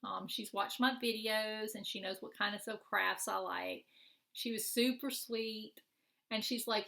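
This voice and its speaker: In a casual show-and-tell chat, a middle-aged woman craft vlogger displays her purchases, friendly and rambling with many fillers and restarts. She speaks at a measured pace in a medium-pitched, fairly even voice that is creaky, pushed, and bright.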